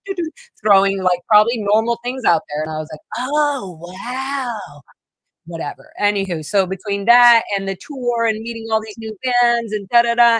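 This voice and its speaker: A woman hosts her own vlog, telling a personal story in a rambling, emotional way, full of fillers and restarts. Her voice is medium in pitch and fairly bright. The recording is rough, with no room sound.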